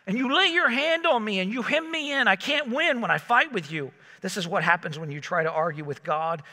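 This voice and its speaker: Pastor, conversational and animated, sharp ringing tone, echoing sanctuary. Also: male voice, high-pitched. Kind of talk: sermon. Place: church sanctuary.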